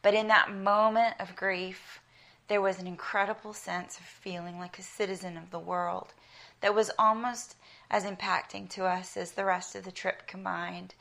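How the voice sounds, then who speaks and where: A woman's voice: mid-range voice, flat delivery, normal speed, gravelly, a bit bright. A middle-aged woman from South Africa with an American accent, preaching an earnest sermon built on personal stories. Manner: earnest, emphatic, storytelling.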